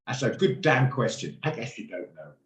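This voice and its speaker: A man's voice: medium pitch, very animated, normal speed, over a noisy crowd. A man hosting an online trading session, chatty and blunt, often rambling off topic, heard over a video call. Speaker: trading room host. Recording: roomy echo on a video call.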